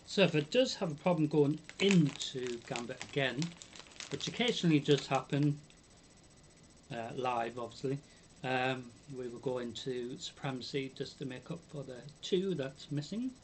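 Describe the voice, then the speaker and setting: A man's voice: mid-range voice, moderate pace, a little hiss or hum. Hesitant British man streaming a game. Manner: musing, hesitant, lots of hums and ums. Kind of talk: casual live game commentary.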